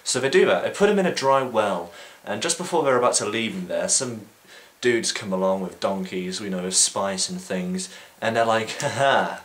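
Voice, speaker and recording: A man's voice: fairly low pitch, animated, normal speed, a bit bright. A young man vlogging, retelling a story casually with sarcasm, swearing and frequent fillers.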